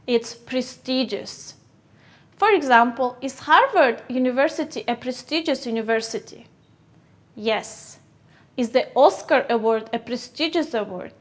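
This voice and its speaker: Woman, English teacher, first language Kyrgyz, high voice, slow deliberate classroom drilling. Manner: slow, clear teacherly drilling with question and answer. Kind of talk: classroom vocabulary lesson.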